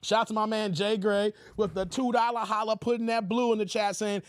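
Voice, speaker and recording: A high-pitched man hosts a casual livestream, reading donor messages and joking with his chat. His voice sits close and dry, with no room sound around it. He laughs often and keeps it loose and playful. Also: steady tone, fairly quick, clean tone, no room sound. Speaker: livestream host.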